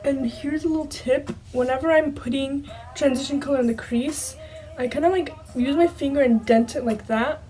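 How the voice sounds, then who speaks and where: A woman's voice: high voice, normal speed, warm tone, rough recording. A young woman chatting casually through a makeup tutorial, a bit self-conscious and giggly. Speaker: beauty vlogger. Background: faint background music.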